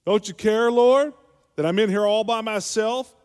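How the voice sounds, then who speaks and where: A man's voice: medium pitch, steady tone, moderate pace, mellow, lightly acted. A preacher voicing a frazzled, overworked woman who complains shrilly and in exasperation. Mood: shrill. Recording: long hall reverb.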